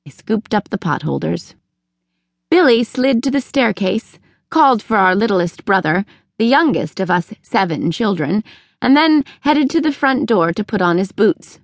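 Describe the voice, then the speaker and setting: Lady reading a novel in first person, clear and steady, super dry close mic. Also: mid-range voice, a little slow, no echo. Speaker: audiobook narrator. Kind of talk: scripted first-person narration.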